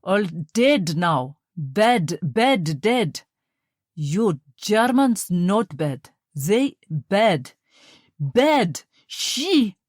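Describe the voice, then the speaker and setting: A woman's voice: on the low side, slow, no room sound, clean studio sound. Woman doing a cold Russian-accented army officer. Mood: bitter. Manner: broken speech, cold and forceful. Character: stern, bitter male Russian army officer.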